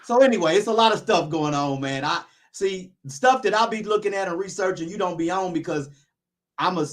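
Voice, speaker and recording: A man's voice: sits high, brisk. A man hosting a casual talk show, rambling with many restarts while giving his opinions. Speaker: YouTuber, podcast host.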